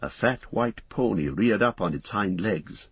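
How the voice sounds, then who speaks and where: A man narrating a book aloud, in a husky voice with measured, descriptive storytelling. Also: lowish voice, animated, no echo, lo-fi sound. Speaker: audiobook narrator. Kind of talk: scripted narration.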